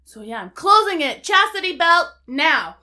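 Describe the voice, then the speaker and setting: Bright, lively woman in her forties. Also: extremely high pitch, normal speed, slight background noise. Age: 40s. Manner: blunt, joking, animated. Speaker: podcast co-host. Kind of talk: casual chat.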